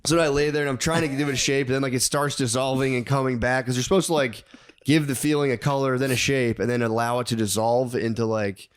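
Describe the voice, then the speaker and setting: A man's voice: medium pitch, steady tone, fast talker, clean tone, dry recording. Rambling, laughing man telling a story. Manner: rambling, laughing, acts out his own thoughts. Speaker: podcast co-host. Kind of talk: casual storytelling chat.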